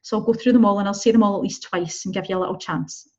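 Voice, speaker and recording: A woman's voice: mid-range voice, steady tone, fast, a little mellow, lo-fi sound. Encouraging woman teaching Spanish. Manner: encouraging, checks in with "okay?" and "right?". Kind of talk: online language lesson.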